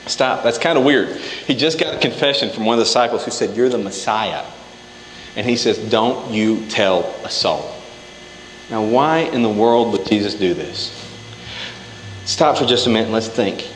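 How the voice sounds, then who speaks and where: A man delivers a relaxed, conversational sermon, pausing to act out the scripture scenes himself. His voice sits at an ordinary middle pitch and rings through a large hall with a long echo and faint ambient noise. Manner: conversational, animated, acts out scripture quotes. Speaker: preacher. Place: church hall.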